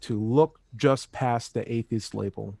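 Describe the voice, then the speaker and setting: A man from California hosting a casual podcast, energetic, rambling and playful. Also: mid-range voice, unhurried, vocal fry, no room sound. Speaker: host.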